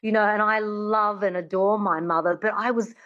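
A woman working as a dialect coach, teaching an accent on the radio and slowly drilling words for the listener to repeat. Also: medium pitch, fairly even intonation, fairly bright tone, muffled recording. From Australia.

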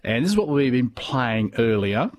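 A man presenting a morning radio show in a chatty, brisk manner. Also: mid-range voice, big pitch swings. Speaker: radio host.

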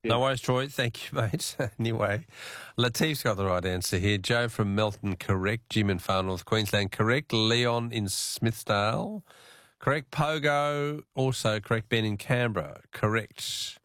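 A man with an Australian accent hosting a talkback radio quiz, chatty and quick to laugh. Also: fairly low pitch, fairly bright tone, no room sound, clean studio sound.

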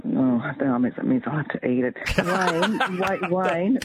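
A man's voice: high voice, expressive, a little slow, background noise. A man calling in to a radio show, effusive and emotional, repeating himself as he thanks the host over a thin phone line. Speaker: caller.

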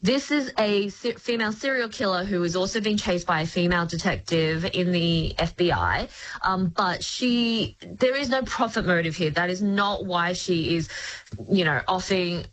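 A woman chatting as a guest critic, explaining shows at length in an articulate, lively way. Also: on the low side, normal speed, slight background noise, rough recording. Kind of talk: casual review chat.

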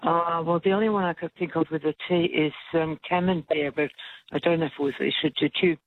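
A woman's voice: low-pitched, steady tone, fairly quick, no echo. A woman calling in to a radio quiz over the phone, thinking aloud and hesitating over answers. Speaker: caller. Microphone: telephone. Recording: tinny phone line.

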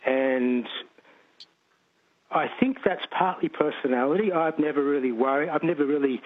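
A middle-aged Australian man rings in to a talk radio show, his voice coming through a thin, tinny phone line. He rambles and hesitates as he chats, with a slightly husky, rather high tone. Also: moderate pace. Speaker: caller. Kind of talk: casual phone-in chat.

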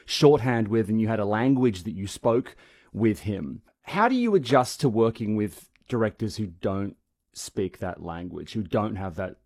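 Interviewer guy, lowish voice, asks long wordy questions. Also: expressive, a little slow, a little mellow.

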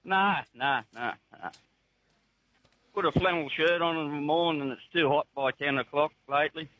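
A man's voice: fairly high pitch, moderate pace, no echo, highs cut off. A man with a broad rural Australian accent, calling a radio show and chatting in a laconic, drawling way. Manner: laconic, drawling, says mate a lot. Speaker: caller. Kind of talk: casual radio phone chat.

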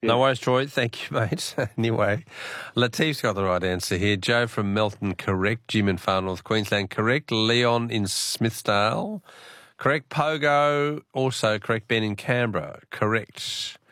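A man's voice: lowish voice, unhurried, a bit bright, dry recording, studio quality. A man with an Australian accent hosting a talkback radio quiz, chatty and laughing easily as he repeats the questions.

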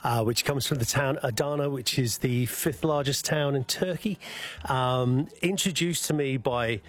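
Husky-voiced man chatting on radio. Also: medium pitch, measured pace. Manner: rambling, hesitant with many fillers. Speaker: guest chef. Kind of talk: casual radio cooking chat.

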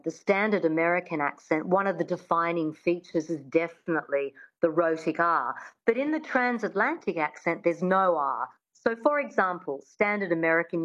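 A woman work as a dialect coach, drilling words slowly and clearly for her listener to copy. The recording sounds muffled and dull. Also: on the low side, a bit bright. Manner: patient, demonstrative, drills words for the listener to repeat. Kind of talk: interview guest teaching an accent.

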